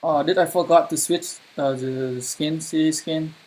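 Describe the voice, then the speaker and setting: A man's voice: on the high side, steady tone, a little slow, a little mellow, rough recording. Swearing, fired-up gaming streamer man. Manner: swears a lot, frustrated outbursts. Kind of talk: live gameplay commentary.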